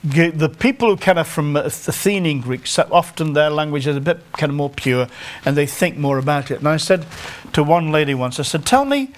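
His voice is a little high and moves at a moderate pace with hardly any pauses. A middle-aged North Staffordshire Englishman, he delivers a sermon conversationally and self-deprecatingly, often breaking off to restart phrases.

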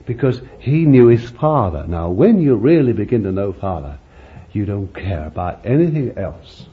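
A man's voice: lowish voice, sing-song, moderate pace. A man preaching a sermon in a folksy, conversational way, often adding "you see" as an aside. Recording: muffled lo-fi recording with faint hiss.

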